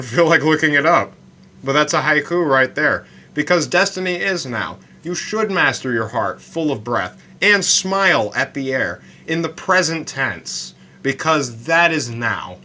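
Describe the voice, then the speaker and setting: A man hosting a solo podcast about writing poetry, talking in a halting way with many stammered restarts and slowing down to recite his lines. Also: medium pitch, pushed and bright, a little hiss or hum. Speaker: podcast host.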